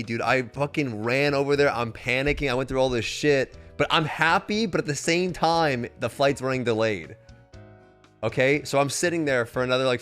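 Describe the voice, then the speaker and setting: Young guy streamer ranting a story, swears a ton, music faint behind. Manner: animated, profane, high-pitched mimicry of others. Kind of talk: casual storytelling.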